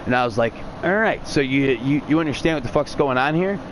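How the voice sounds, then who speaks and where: A young man recounts a personal story in a loose, rambling way, swearing freely as he goes. His voice sits at an ordinary middle pitch. There is a faint background noise under the recording. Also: fairly quick. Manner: profane, rambling, animated retelling. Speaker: streamer telling a story. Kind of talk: casual storytelling.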